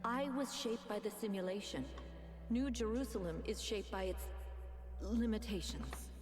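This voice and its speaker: A woman's voice: mid-range voice, expressive, moderate pace, close to an everyday voice. Brief: female actor as a thoughtful robot leader, earnest and reasoned, with hall reverb and music. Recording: game audio with reverb and music.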